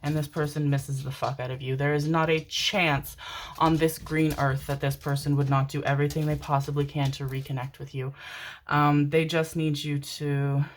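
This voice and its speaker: A woman's voice: deep voice, flat delivery, normal speed, a little hiss or hum. A woman giving a pick-a-card tarot reading, reassuring her listeners with pet names and the odd casual swear word. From Canada. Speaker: tarot reader.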